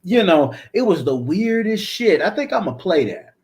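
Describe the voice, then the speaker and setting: A man's voice: high voice, very animated, normal speed, background noise. A man hosting his own channel, ranting in a blunt, profane, repetitive way. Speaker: channel host. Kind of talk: casual ranting commentary.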